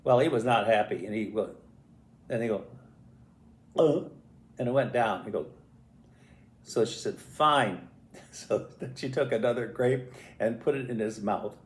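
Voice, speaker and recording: An older man telling a family story in a casual, animated way, acting out voices and sounds as he goes. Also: lowish voice, moderate pace. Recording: roomy echo.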